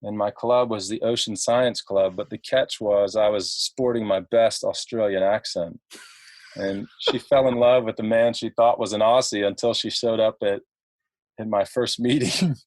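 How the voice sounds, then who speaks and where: A middle-aged man from Ohio, a podcast guest telling stories in a halting, chatty way with many fillers and laughs. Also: lowish voice, steady tone, no room sound. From Ohio, USA. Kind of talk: casual podcast chat.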